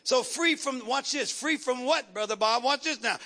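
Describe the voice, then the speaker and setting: A man preaching a call-and-response sermon, building rhythmic repeated lines into shouted refrains. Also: very high voice, normal speed, few pauses.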